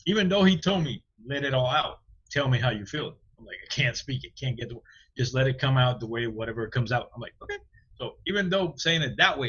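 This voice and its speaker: A man with a husky, middle-pitched voice tells a story on a podcast, voicing each person in it with animation. The audio sounds dull and lo-fi. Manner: animated storyteller acting out dialogue. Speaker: podcast co-host. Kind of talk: casual chat.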